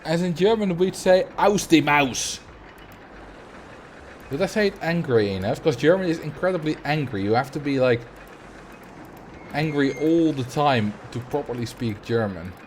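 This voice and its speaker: This man from the Netherlands speaks with a Dutch accent while livestreaming a game, offering relaxed, jokey commentary. His voice is on the high side and a little mellow, with lively intonation at a normal speed, and there's a slight hiss or hum. He's chatty, laughs a lot, and likes to play with words.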